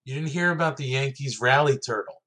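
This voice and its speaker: A man co-hosting a casual podcast in a mid-pitched, ordinary voice. He talks in quick banter, laughing often and swearing freely. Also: a bit bright. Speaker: podcast co-host. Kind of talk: casual chat.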